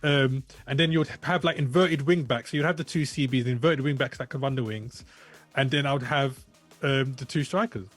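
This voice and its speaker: Husky laid-back man chatting football. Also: medium pitch, normal speed, soft background music. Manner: laid-back, stammering restarts. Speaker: podcast co-host. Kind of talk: casual football chat.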